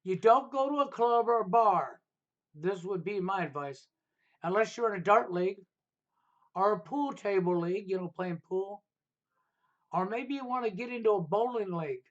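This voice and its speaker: A middle-aged man hosts a live stream, giving casual advice in a high-pitched, expressive voice at normal speed. He is emphatic and preachy, repeatedly adding "okay?" to drive his points home. The audio sounds dull and lo-fi.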